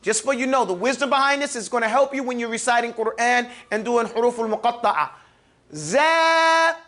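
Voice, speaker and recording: A man's voice: very high-pitched, fairly even intonation, fast, a bit bright. A man teaching Quran recitation, leading call-and-response drills of letters and correcting pronunciation.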